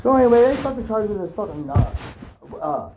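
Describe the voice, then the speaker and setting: A man with a high-sitting, darkish voice and big pitch swings tells a rambling story about an ordeal he went through. He swears often, halts, and keeps restarting sentences amid lots of fillers, on a dull lo-fi recording with faint hiss.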